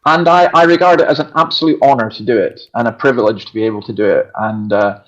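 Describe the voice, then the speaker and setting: Man, Scottish accent, pastor, earnest, emphatic, mid pitch, muffled lo-fi audio. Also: fast. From Scotland. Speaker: pastor and show regular. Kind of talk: conversational religious talk. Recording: dull lo-fi sound.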